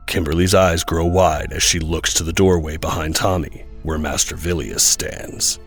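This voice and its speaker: A man with a very deep voice narrates an audio drama in a measured, descriptive way. Soft music sits faintly behind him. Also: steady tone, creaky. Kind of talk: scripted narration.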